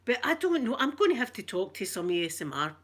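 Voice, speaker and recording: Scottish woman, middle-aged, live streamer; bright, bouncy delivery, cheeky and flirty, higher pitch. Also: sing-song, quick pace, breathy edge. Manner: bawdy, flirtatious, chatty storyteller. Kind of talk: casual live-stream chat.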